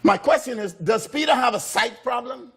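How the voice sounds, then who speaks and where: High-voiced male preacher telling a story. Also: expressive, normal speed, a bit bright, husky. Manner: storytelling preacher, repeats phrases, acts out voices of figures. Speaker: pastor. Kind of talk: sermon.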